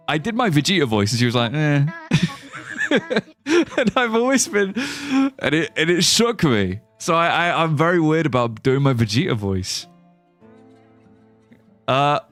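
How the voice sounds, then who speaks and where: English man, young, livestreamer, casual gameplay chat, swears a lot, animated pitch, quiet guitar music in the background. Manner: chatty, swears, laughs often, reads out chat. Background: faint guitar music.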